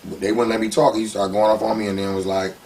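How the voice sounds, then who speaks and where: A man in a casual interview telling his story in an animated, slangy way. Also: lowish voice, fast talker, recorded from a distance, a little hiss or hum. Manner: animated, slangy, heats up when retelling conflicts.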